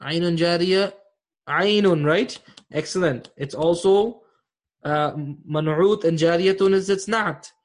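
A man's voice: a little high, moderate pace. A man teaching an online Arabic grammar class, explaining patiently and often checking that students follow.

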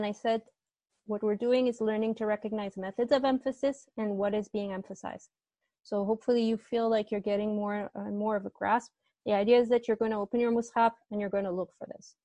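Woman, online grammar teacher, slightly high voice, dry close sound, chatty, self-correcting. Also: mellow, no room sound. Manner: chatty, self-correcting, asks class to confirm. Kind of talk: online class instruction.

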